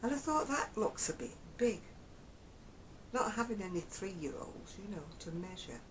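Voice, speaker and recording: A chatty woman with a Northern English Lancashire accent rambles along in a casual vlog to camera. Her pitch rises and falls a great deal, and she often breaks into small chuckles. A faint low rumble sits in the background. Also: big pitch swings, unhurried, rough recording. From Oldham, England. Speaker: crochet vlogger.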